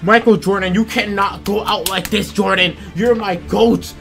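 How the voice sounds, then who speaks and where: A young man giving loud, profane play-by-play commentary over a basketball video game, shouting at big plays. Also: high-pitched, steady tone, normal speed, vocal fry, faint music behind. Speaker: gaming YouTuber.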